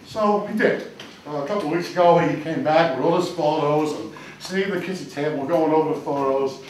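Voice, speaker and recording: A man's voice: fairly high pitch, fairly quick, slight background noise. A man doing crude, punchy stand-up comedy on a club stage. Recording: echoey club from far off. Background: audience laughing.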